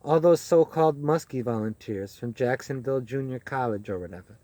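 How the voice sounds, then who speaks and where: A man voicing a weary, cynical male campaign reporter who talks gruffly and matter-of-factly. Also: mid-range voice, brisk, warm tone, no room sound, lightly acted. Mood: gossiping.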